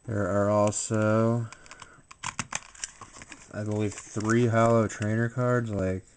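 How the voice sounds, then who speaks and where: Tired man, deep flat delivery, slow pace; casual unboxing vlogger. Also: a little hiss or hum. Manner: low-key, unhurried commentary with filler words. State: tired and sleepy. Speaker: YouTuber opening a card pack.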